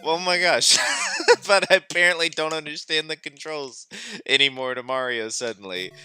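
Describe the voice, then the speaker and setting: A man streaming a game, chatting casually, animated and exclamatory, and laughing often. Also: fairly high pitch, normal speed. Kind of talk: casual gameplay chat.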